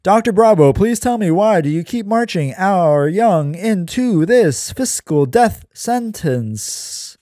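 Earnest young activist read by a man, pleading, slow, mellow. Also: high voice, expressive, no room sound, clean studio sound, voice pushed up. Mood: urgent. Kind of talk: reading a screenplay aloud.

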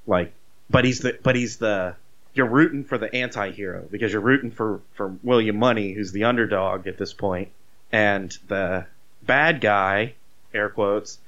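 A man casually retelling a movie plot, rambling and animated, with swearing. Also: on the low side, muffled recording. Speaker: podcast co-host.

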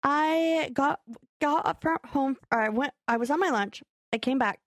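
A woman's voice: high voice, a little slow, no room sound, clean studio sound. A young woman co-hosting a podcast, telling a story in casual chat and acting out what people said. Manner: animated storyteller, acting out quotes with laughter. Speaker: podcast co-host.

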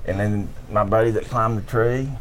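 A man telling hunting stories in a casual chat at camp, animated and laughing often. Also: fairly low pitch, moderate pace, a little hiss or hum. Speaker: podcast guest. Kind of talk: casual storytelling. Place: camp room, at night.

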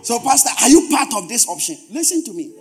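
A pastor delivers a sermon in a strikingly high voice that leaps around with animated, lively inflection. He is emphatic, repeats phrases to drive points home and slips in humorous asides to his congregation. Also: quick pace, faint music behind.

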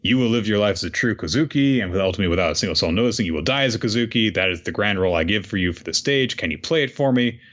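A man's voice: fairly low pitch, animated, racing, few pauses, a bit bright. A man reading out the lines of a scheming male warlord in a voice close to his own. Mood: calm, scheming. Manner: read-out dialogue in near-normal voice. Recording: dull lo-fi audio.

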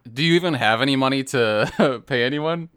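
A man's voice: mid-range voice, moderate pace, fairly bright tone, smooth. A man in a casual gaming chat, asking curious questions.

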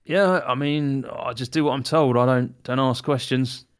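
A man's voice: medium pitch, steady tone, moderate pace, smooth, natural voice. A man voicing an adventurer who poses as a delivery man, speaking casually and evasively. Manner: casual and evasive, feigning innocence.

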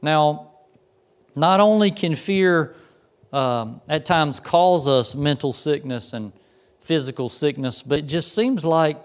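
A man's voice: on the high side, smooth. A pastor preaching a sermon in a conversational way, often repeating words as he tells stories.

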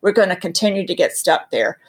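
With a low-leaning, slightly rough voice, lively intonation and a slightly fast pace, this Southern-accented North Carolina woman appears as a guest. She teaches about faith earnestly in conversation, preaching emphatically through stories.

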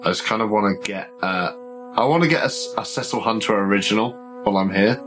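A man plays a tabletop horror game, thinking aloud in an earnest, hesitant way. His voice is low and deep, with faint music underneath. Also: brisk, rough recording. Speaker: player.

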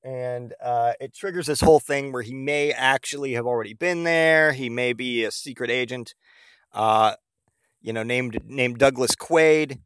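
A man spinning a comic tale on his podcast, rambling and swearing freely, with plenty of "uh" and "you know". His voice sits at an ordinary middle pitch. The sound is dry and close, with almost no room around it. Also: measured pace, fairly bright tone, clean tone, no echo. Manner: rambling, profane, lots of fillers. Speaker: podcast host. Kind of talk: casual comedic storytelling.

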